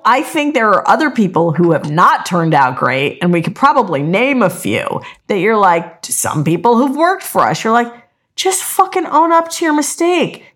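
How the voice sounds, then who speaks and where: A woman's voice: on the low side, sing-song, moderate pace, few pauses, a bit bright. A middle-aged woman co-hosting a podcast, talking bluntly and emphatically in casual chat, with frequent swearing. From Italian-American. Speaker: podcast co-host.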